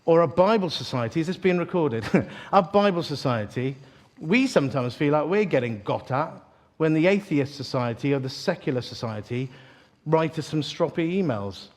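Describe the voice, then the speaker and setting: Joking preacher telling stories. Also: male voice, a little high, normal speed. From East London. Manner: animated, joking storyteller with asides to the audience. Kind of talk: sermon.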